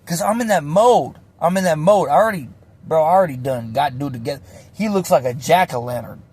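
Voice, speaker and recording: A man casually telling a personal story in slangy, animated speech full of swearing. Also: fairly high pitch, a little fast, husky.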